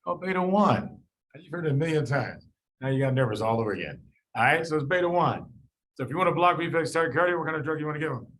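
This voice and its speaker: A man lecturing a room of medical students, firing questions at them and answering them himself. His voice sits a little high and swings widely, jumping up for emphasis and then dropping low and soft for an aside. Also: low-quality recording. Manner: animated, quizzes students, quick asides with sudden quiet drops. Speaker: medical board review lecturer. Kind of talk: live classroom lecture.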